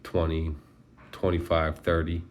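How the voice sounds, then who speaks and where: A man's voice: very deep voice, completely flat delivery, unhurried, slight background noise. A man voicing a brash, bold teenage boy in an audiobook. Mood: cocky.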